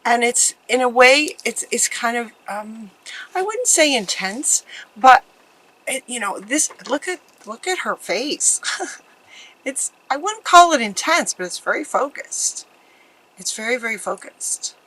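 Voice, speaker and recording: A woman reading tarot cards for viewers, earnest and tender, often halting and restarting mid-sentence. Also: fairly high pitch, very animated, a bit bright, low-quality recording. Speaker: tarot card reader. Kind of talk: pick-a-card tarot reading.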